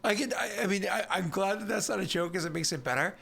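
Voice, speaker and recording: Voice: medium pitch, fast talker, gravelly, a bit bright. Casting note: a laughing, self-deprecating game master on a voice call, faint music underneath. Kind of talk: casual chat over a voice call.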